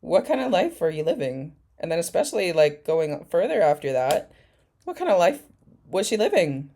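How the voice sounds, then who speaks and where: A woman's voice: on the low side, very animated, moderate pace, warm tone. A woman giving sarcastic, profane reaction commentary on video clips. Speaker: commentary YouTuber.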